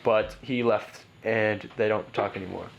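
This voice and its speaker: A man's voice: fairly low pitch, steady tone, unhurried, gravelly, a little hiss or hum. A man casually telling a personal story as a podcast guest, rambling with lots of "like" and "bro" and frequent restarts.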